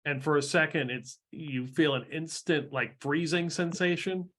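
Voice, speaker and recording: A man's voice: on the high side, unhurried, a bit bright. Casual man narrating as game master. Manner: casual, filler-heavy narration.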